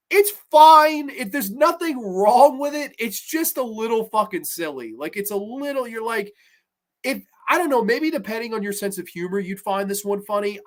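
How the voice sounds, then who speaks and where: Speaking at a moderate pace, a man with a high, fairly bright voice and lively intonation reviews horror episodes on his casual show. His talk is rambling, profane, and full of fillers, broken up by exaggerated character voices.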